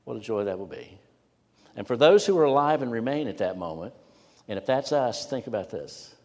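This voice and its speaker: Middle-aged pastor guy preaching a sermon, mid-pitched voice, long hall reverb. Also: animated, a little mellow. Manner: expository preaching with rising emphasis and pauses.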